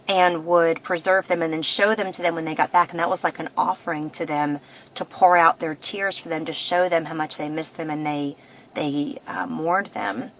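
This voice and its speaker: A woman's voice: on the low side, rough recording. A woman hosting a devotional podcast, talking in an earnest, reflective way and often restarting her sentences. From United States. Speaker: podcast host.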